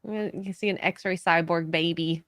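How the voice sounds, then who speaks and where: A woman's voice: fairly low pitch, steady tone, fairly bright tone, no room sound, studio quality. A woman co-hosting a podcast, chatty and playful in casual talk. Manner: chatty, playful, quick to laugh. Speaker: co-host.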